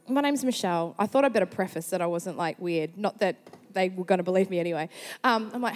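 A woman with an Australian accent preaching a sermon, telling a personal story in a chatty, animated way. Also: lowish voice, quick pace. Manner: chatty, animated storyteller who slips into quoted voices. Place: large church hall. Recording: long hall reverb.

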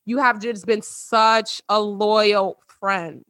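A woman's voice: medium pitch, fairly even intonation, slow pace, fairly bright tone, no room sound. Woman hosting a chatty podcast over video call, heartfelt and teary, laughs a lot, dry close sound. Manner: emotional, heartfelt, laughs often. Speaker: podcast host. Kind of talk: casual chat with friends.

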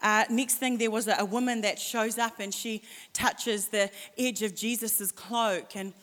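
A woman pastor preaching a sermon, impassioned, sometimes dropping to hushed asides. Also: a little high, steady tone, unhurried, long reverb tail.

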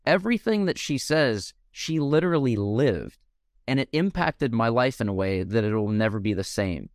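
A man's voice: medium pitch, expressive, moderate pace, dry recording, clean studio sound. A young man hosting a podcast interview, speaking with passion and heartfelt gratitude. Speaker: podcast host.

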